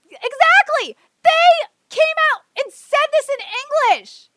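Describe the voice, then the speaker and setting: A woman streamer with a very high, bright and piercing voice, swinging widely up and down as she rants. She swears freely and trails into rambling restarts. The sound is close and dry. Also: animated, slow pace, no room sound. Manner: profane, heated ranting. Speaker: livestream host. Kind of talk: livestream commentary rant.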